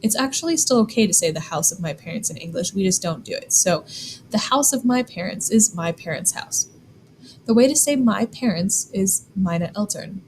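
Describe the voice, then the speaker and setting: A woman explaining German grammar in a clear, deliberate lesson, slowing down to spell out examples. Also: medium pitch, lively intonation, darkish tone, slight background noise, low-quality recording. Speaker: German teacher. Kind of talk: scripted classroom explanation.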